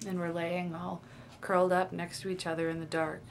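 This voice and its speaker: Low-voiced young woman confiding to camera. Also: flat delivery, a little fast, a little hiss or hum. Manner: dreamy, confiding, trails off and restarts. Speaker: vlogger. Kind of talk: confessional video diary.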